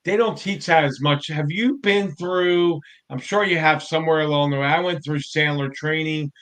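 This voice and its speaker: A man hosting a casual interview as company chief, talking with high energy and enthusiasm. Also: normal speed, a bit bright. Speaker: host and company CEO.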